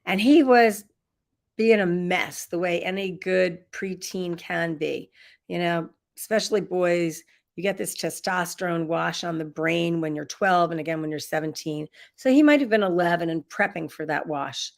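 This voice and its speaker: A woman's voice: on the low side, normal speed, gravelly. A middle-aged woman leading an online workshop, telling a personal story with frequent laughter, on a computer mic. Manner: warm storytelling, laughs often. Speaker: workshop leader. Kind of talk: live online workshop talk.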